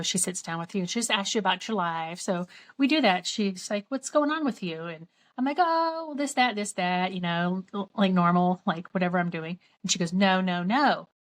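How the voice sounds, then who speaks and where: A woman's voice: on the low side, fairly bright tone. Woman earnestly retelling a personal story. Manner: earnest, retells conversations by quoting both sides. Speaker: vlogger.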